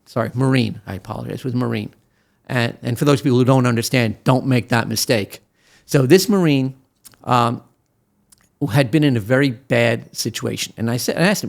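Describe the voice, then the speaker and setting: A man in his sixties from Brooklyn, a veteran attorney talking as an interview guest. He tells his stories in an animated way, with plenty of fillers and restarts. His voice sits at a middle pitch. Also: normal speed, gravelly. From Brooklyn, USA. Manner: animated storyteller with many fillers and restarts who acts out quotes. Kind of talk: interview storytelling.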